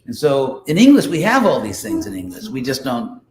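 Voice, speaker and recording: A man's voice: mid-range voice, wildly swooping pitch, a little fast, a little mellow. A male teacher gives an informal lecture to a class. He talks in a conversational way, often restarting his phrases and sounding out syllables aloud to show his point. His voice carries through an echoey room with faint background noise. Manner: conversational, explains with examples and repeated restarts. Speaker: teacher of a scripture study class. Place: class in a room, with listeners present.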